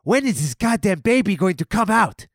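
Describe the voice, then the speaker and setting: Ren: a man doing a shrill griping cartoon chihuahua. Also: big pitch swings, moderate pace, dry recording, studio quality, heavily acted. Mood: whiny. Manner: shrill complaining. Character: whiny irritable male cartoon chihuahua.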